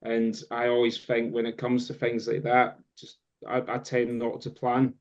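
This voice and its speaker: A Scottish man at mid pitch tells a story in a loose, rambling way, full of fillers and side turns. His voice comes through a muffled, lo-fi recording that rounds off the top end. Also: monotone, moderate pace. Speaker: guest drum teacher. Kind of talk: casual chat. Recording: dull lo-fi sound.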